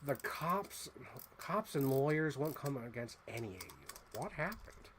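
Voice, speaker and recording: Taunting villain crime boss, theatrical and mocking , as a man puts him on; fairly lively swings in pitch. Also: measured pace, very noisy. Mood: mocking menace.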